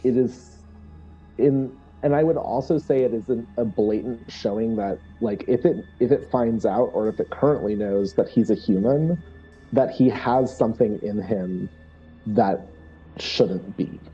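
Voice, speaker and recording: A man's voice: lowish voice, unhurried, dark tone, lo-fi sound, soft background music. A man playing a tabletop role-playing game, explaining his character's move with many restarts and fillers. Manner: hesitant, many restarts and fillers, laughs often. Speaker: player.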